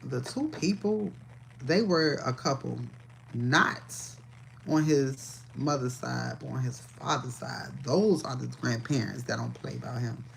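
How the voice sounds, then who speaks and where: Woman doing a tarot livestream, kinda gravelly, swears a lot, laughs a bunch. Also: extremely low pitch, unhurried, slight background noise. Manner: profane, chatty, laughs often. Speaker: tarot reader. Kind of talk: casual livestream tarot reading.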